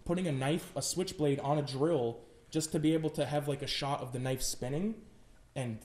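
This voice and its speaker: A young man, a film student appearing as a podcast guest, tells stories in an animated, casual chat full of filler words and swearing. His voice is fairly high-pitched and moves at a moderate pace.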